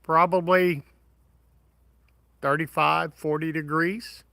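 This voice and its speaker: Folksy man, bright and dry. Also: a little high, level tone, slow, vocal fry, no echo, poor audio. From Midwest of the United States. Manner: folksy, friendly, greets viewers by name. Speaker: live stream host. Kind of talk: casual live stream chat reading comments.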